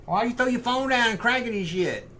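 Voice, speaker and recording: A man's voice: very high-pitched, lively intonation, a little fast, pushed and bright. Middle-aged guy rambling and cracking jokes on a podcast, faint hiss behind. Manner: joking, rambling banter. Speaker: podcast co-host. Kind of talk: casual chat.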